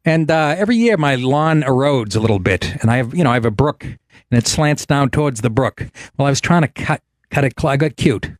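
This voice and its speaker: A man's voice: medium pitch, animated, fairly quick, no echo, clean studio sound. A man hosting a talk show, telling stories in a casual, sarcastic and profane way and putting on voices when he quotes people. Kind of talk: casual comedic monologue.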